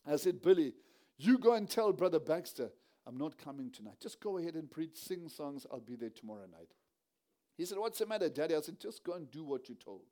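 A man delivers a sermon at a prayer meeting. His voice sits fairly high but sounds soft and mellow. He moves between storytelling and exhortation, rising and falling as he acts out the voices in his tale. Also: very animated, brisk. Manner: storytelling, acting out quoted dialogue with a rising, dropping voice. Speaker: preacher.

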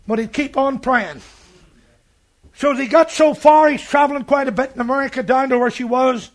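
A man preaching a sermon, telling a story with fervour and breaking into shouts. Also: extremely high pitch, normal speed. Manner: fervent, rising to shouts.

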